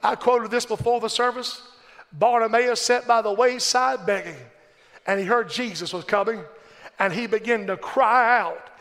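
A man's voice: very high-pitched, moderate pace, a bit bright, long reverb tail. A middle-aged man preaching a sermon in a church, impassioned and rhythmic, calling the congregation to respond.

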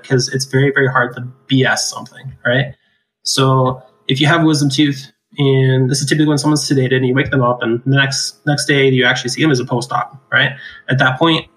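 Man, oral surgeon, casual clinical chat, average pitch, laughs a lot, says "right?". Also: a bit bright, rough recording. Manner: laughs often, explains with rhetorical "right?".

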